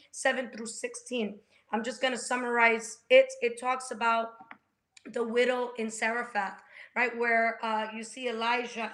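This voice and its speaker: A woman leads a faith-centered conversation, her voice a little high and bright. She talks animatedly, retelling stories with energy. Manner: animated, retells scripture with acted quotes and laughs.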